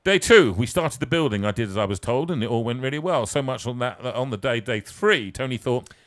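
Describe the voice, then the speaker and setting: A man reading his own comic story aloud, theatrical and self-mocking, moving from hushed asides to loud peaks. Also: medium pitch, expressive, fairly quick.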